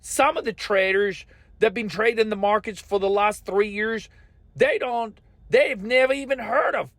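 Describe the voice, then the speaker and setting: A man's voice: high-pitched, moderate pace, fairly bright tone, no echo. A man hosting a market commentary podcast, ranting in a profane, scolding and emphatic way.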